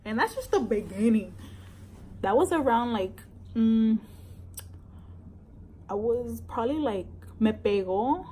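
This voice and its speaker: A young woman talks straight to camera in a relaxed vlog, code-switching, quick to swear. Her voice sits on the higher side, with a faint hiss of background noise. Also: low-quality recording. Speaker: vlogger. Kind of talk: casual storytelling vlog.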